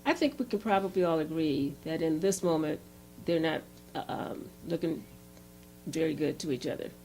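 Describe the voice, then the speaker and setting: A woman presenting a relationship workshop who tells an example story in a lively, animated way. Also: deep voice, normal speed, a little hiss or hum. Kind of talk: storytelling lecture.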